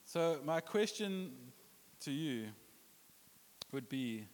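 His fairly high voice has lively intonation and drawn-out words as he preaches as pastor, playfully cracking jokes and putting on voices and accents for quotes. It's recorded in a church hall with a congregation, with long hall reverb.

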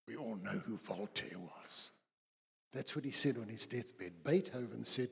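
A man preaching a sermon as pastor, dramatic, slowing for quotes and quickening in anecdotes. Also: mid-range voice, bright, forceful tone. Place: church hall. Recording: husky voice in a long-reverb church hall.

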